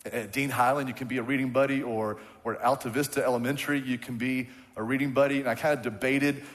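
A man delivers a sermon from the pulpit, pressing his points through repetition and calls for the congregation to answer. His mid-pitched voice carries a long reverb through the sanctuary. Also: steady tone, fast talker. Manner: call-and-response preaching, emphatic repetition. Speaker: pastor. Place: church sanctuary. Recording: church hall with long reverb.

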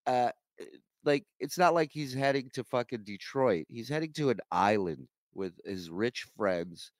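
A man's voice: mid-range voice, unhurried, no echo. A man in his forties hosting a podcast, telling a comedic story with lots of profanity and acting out the people in it. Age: 40s. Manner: animated, profane, acts out quoted people. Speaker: podcast host.

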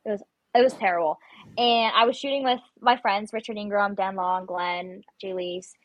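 A woman's voice: mid-range voice, fairly even intonation, normal speed, dry recording, highs cut off. A young adult woman, a guest on an interview show, telling stories in a chatty way and acting out her own panicked lines. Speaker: guest, competitive shooter. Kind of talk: casual interview chat.

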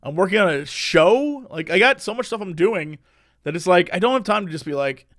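A man's voice: high voice, expressive, brisk, fairly bright tone, no echo, studio quality. A young man who streams and makes videos, chatting animatedly, rambling and laughing a lot. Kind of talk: casual chat.

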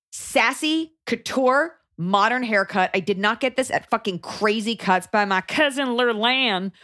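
A woman's voice: fairly low pitch, a bit bright. A woman hosting a podcast in casual chat, blunt and profane when she rants. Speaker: podcast host.

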